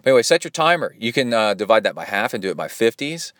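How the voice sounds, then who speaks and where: A man's voice: lowish voice, big pitch swings, fast, fairly bright tone, no room sound, clean studio sound. A man hosting a podcast and coaching triathletes, chatting casually in a rambling, upbeat way with lots of fillers. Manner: rambling and upbeat, many fillers, mimics watch beeps. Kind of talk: casual chat reading listener donations.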